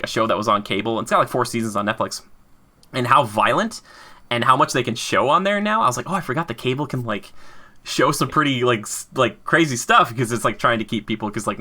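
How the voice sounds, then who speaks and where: A young man hosts a casual podcast, rambling from one thought to the next and breaking into high, laughing exclamations. His voice has a bright, forward edge at an ordinary pitch. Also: expressive, rapid-fire. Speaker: podcast host.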